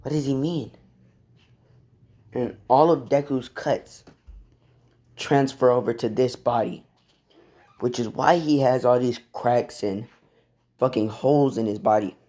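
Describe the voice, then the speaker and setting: A man's voice: medium pitch, a little slow, pauses often, dark tone. A young man casually retelling a fan story from his bedroom, rambling and swearing offhandedly. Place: bedroom at home.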